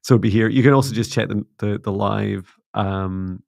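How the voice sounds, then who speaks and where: A middle-aged man hosting a spiritual livestream, talking in a soft, gently meditative way. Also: lowish voice, normal speed, gravelly, dry recording, clean studio sound. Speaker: psychic mentor and livestream host. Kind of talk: casual livestream chat and guided closing.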